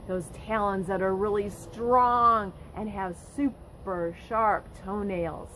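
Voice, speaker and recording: A woman nature educator talking to children in an unhurried, expressive way. Her pitch sits in an ordinary middle range, and a faint hiss runs under her voice. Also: rough recording. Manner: slow, expressive, speaking directly to young listeners.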